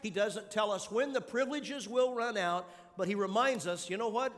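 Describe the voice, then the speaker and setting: A man's voice: high-pitched, moderate pace, a bit bright, in a large hall. A male pastor preaching a sermon in numbered points and putting questions to his congregation in a large church.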